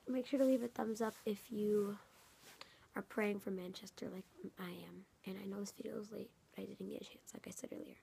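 A woman talking in a casual, emotional vlog, often dropping into a soft half-whisper and repeating herself earnestly. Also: mid-range voice, gravelly, a little hiss or hum. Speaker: YouTuber. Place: home in San Francisco.

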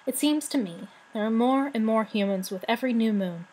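A woman's voice: fairly high pitch, mellow, breathy edge, poor audio. A woman voicing a weary, wise, very old male dragon in a storybook reading. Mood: grave. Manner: slow, solemn, grave.

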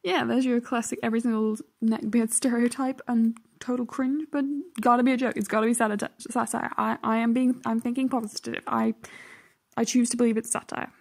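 A woman's voice: fairly high pitch, flat delivery, fairly quick, a little mellow. A woman hosting reaction commentary, sarcastic and exasperated, often dropping to a whisper. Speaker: host.

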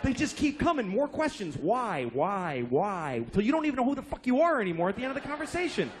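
Male comic, 40s, high and very animated delivery, profane exasperated rant. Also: very fast, slight background noise. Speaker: stand-up comedian. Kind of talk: stand-up comedy routine.

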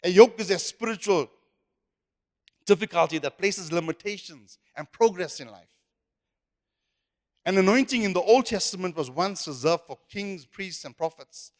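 A man's voice: high voice, animated, normal speed, pauses often. A man preaching a sermon as pastor, emphatic and repetitive. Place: church hall. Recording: echoey church hall.

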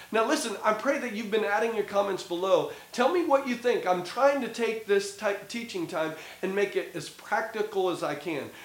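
A man with a Midwestern American accent teaches scripture in a short video, his voice sitting high. He hammers his points by repeating words emphatically. The sound carries the echo of a roomy space. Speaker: pastor.

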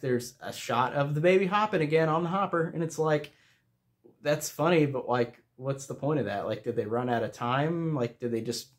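Man, mid-range voice, casual vlog film reviewer, rambling and filler-heavy, chatty and amused. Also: medium pitch. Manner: rambling, with many fillers and restarts.

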